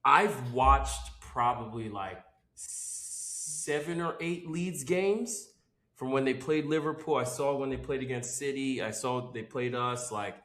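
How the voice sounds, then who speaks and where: A man hosting a football podcast, talking in animated, slangy casual banter. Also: medium pitch, takes it slowly, roomy sound. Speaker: podcast host. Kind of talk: casual sports chat.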